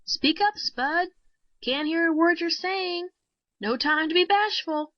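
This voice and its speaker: A woman reading a story voices a brisk male army announcer with hearty, coaxing stage patter. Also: sits high, dry recording, voice pushed up, natural voice. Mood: urging. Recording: dry, dull lo-fi sound.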